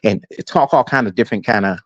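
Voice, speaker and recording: Low-voiced man on dull call audio. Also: fast, dry recording. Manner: storytelling, laughs easily. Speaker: podcast guest. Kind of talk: casual podcast chat.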